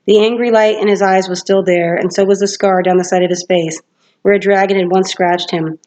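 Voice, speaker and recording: A woman's voice: mid-range voice, steady tone, fairly quick, darkish tone. A woman teacher reading a novel aloud to her class, steadily and with occasional self-corrections. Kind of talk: storybook read-aloud narration.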